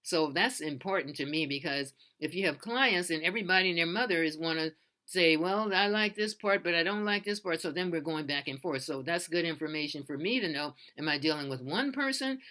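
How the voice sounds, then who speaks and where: Casting: bright, forceful-toned freelancer, rambling tutorial advice, earnest and unpolished. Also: medium pitch. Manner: earnest, loose and repetitive, with many restarts. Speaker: freelance voiceover artist. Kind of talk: casual how-to advice talk.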